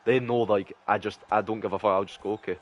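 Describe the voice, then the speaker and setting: A man's voice: lowish voice, steady tone, fast talker, dull audio. A young Scottish man streaming and chatting casually, rambling with heavy swearing and lots of fillers. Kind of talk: casual chat.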